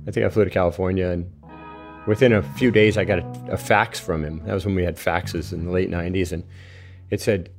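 Low-voiced man telling a casual story. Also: fairly quick, faint music behind. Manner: relaxed storytelling with fillers and quoted dialogue. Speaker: interviewee, professional surfer. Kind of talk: casual anecdote.

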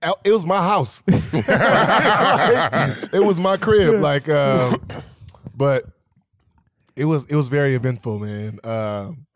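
A relaxed man in his thirties, a guest in an interview, tells a story in a loose, profane way. He acts out the quoted lines with lively voices. His voice sits at a middle pitch and is recorded close and dry, with no room sound. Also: takes it slowly, long pauses, dry recording. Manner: laid-back, swears freely, acts out quotes, laughs while telling. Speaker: guest, professional athlete.

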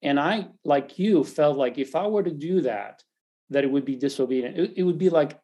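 Middle-aged man, podcast host, earnest and encouraging, mellow warm tone. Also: a little high, normal speed. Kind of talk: faith podcast conversation.

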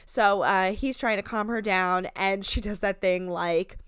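Young woman, casual podcast chat, chatty retelling, smooth clear voice, close dry sound. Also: medium pitch, unhurried, dry recording. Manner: chatty, animated retelling, frequent "like", acts out quotes. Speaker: podcast co-host recapping a reality show.

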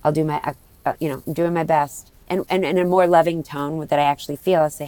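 A woman's voice: deep voice, steady tone, quick pace, gravelly, dark tone, no room sound. A middle-aged woman from the United States, talking candidly as a guest in an interview, rambling with many restarts.

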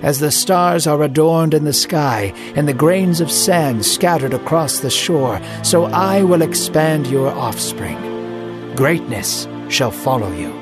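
God in a bible story, read by a guy, slow solemn proclamations, faint music behind. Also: a little high, animated. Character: God, a commanding male divine voice.

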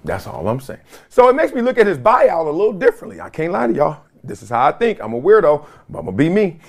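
A man's voice: sits high, sing-song, fast talker, vocal fry. A man hosting his own show from his home basement, talking straight to a camera in slangy casual commentary and laughing often. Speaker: podcast host. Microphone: video camera or phone.

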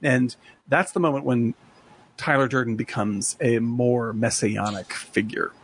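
A man's voice: medium pitch, fairly even intonation, a little slow, a little hiss or hum. A man co-hosting a podcast, retelling a film in a rambling, casual way with many fillers. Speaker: podcast co-host. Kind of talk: casual chat, film recap.

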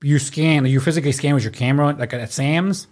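This is a young man with a somewhat high-pitched voice. He chats casually and rants about everyday annoyances with plenty of swearing. He sounds like a loose, informal storyteller. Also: brisk, darkish tone. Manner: profane, ranting storyteller. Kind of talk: casual podcast chat.

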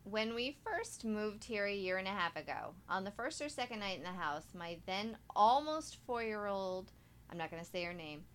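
A woman co-hosting a casual podcast, reading listener stories aloud with quick asides and frequent laughter. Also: medium pitch, sing-song. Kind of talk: casual chat.

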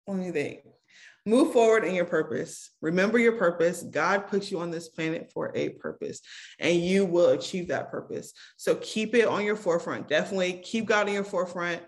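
A woman's voice: fairly low pitch, brisk. A young woman speaks as a podcast guest in an earnest, preacherly way. She leans on repeated phrases to make her point. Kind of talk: encouraging faith-based talk.

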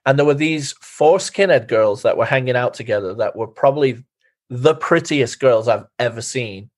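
A man's voice: mid-range voice, moderate pace. A man from England chats about life on tour. He tells his stories with animation and acts out what people said along the way. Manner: animated storyteller who acts out quotes. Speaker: band vocalist. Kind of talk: casual podcast chat.

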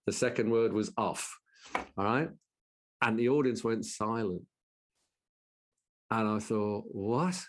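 An older man with a Birmingham and Black Country accent, a guest telling stories in a casual interview in an animated way, repeating his words. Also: measured pace, pauses often, a little hiss or hum. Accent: Birmingham and Black Country English. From English Midlands. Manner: animated, repeats words, jumps up in pitch for quoted voices. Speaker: guest, professional speaker.

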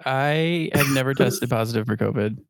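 A man co-hosting a casual podcast, talking in a loud, laid-back and teasing way into a microphone over a call. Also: medium pitch, normal speed, background noise. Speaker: podcast co-host. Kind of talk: casual chat. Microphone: remote call microphone.

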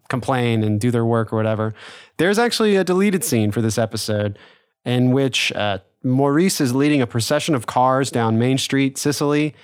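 A man's voice: medium pitch, smooth, no room sound. Man, podcast co-host, casual chat, filler-heavy, dry sound. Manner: chatty, laughs often, trails off with fillers.

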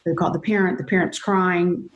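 A woman's voice: lowish voice, steady tone, brisk, dull audio. Middle-aged woman in an echoey room. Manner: earnest, storytelling, acts out voices in quotes. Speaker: guest, mother. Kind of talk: Christian parenting talk. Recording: roomy echo.

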